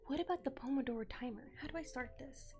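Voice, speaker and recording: A woman's voice: high voice, quick pace, a little mellow, soft background music. A young woman streaming a co-working session, chatting casually and giggling often as she reads and answers chat.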